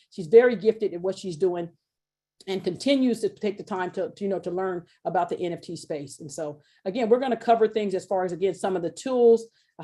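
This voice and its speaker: Middle-aged woman, webinar presenter; mellow tone, chatty and informal pitch delivery. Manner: chatty and animated, acts out quoted voices, laughs often; informal, colloquial phrasing. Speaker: webinar presenter selling an NFT course. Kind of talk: casual sales webinar talk.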